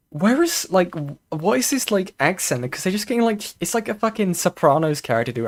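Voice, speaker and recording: Mocking, lively-voiced stream commentator. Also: mid-range voice, fairly quick, hardly any pauses. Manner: laughing, mocking asides. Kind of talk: casual reaction commentary.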